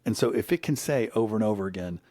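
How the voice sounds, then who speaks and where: A man's voice: fairly low pitch, animated, fast, mellow, no room sound, clean studio sound. A middle-aged man from the United States, telling stories in an earnest, reflective conversation. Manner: earnest, storytelling, voice lifts when quoting. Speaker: guest.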